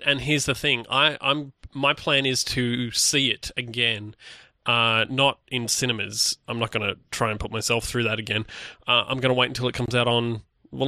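A man's voice: mid-range voice, sharp tone, no echo, clean studio sound. A man co-hosting a casual podcast, rambling with restarts and fillers. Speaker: podcast co-host.

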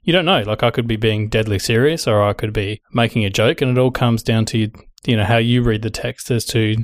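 A quick-talking man co-hosting a casual podcast. He explains his ideas with everyday examples and a friendly, chatty flow. His voice is recorded close and dry. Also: on the low side, no room sound. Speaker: podcast co-host.

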